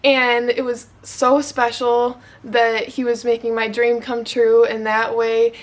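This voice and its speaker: A young woman from Michigan tells a personal story straight to the camera. Her voice sits fairly high, and she gushes and gets emotional, filling her sentences with "like.". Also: completely flat delivery, slow, music in the background. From Michigan, USA. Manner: gushing, emotional, heavy use of "like". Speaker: vlogger.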